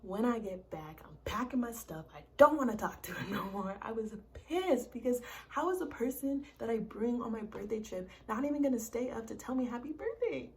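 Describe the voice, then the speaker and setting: A young woman vlogging a casual storytime, talking in a chatty, animated way, full of "like" and swearing. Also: a little high, brisk, hardly any pauses.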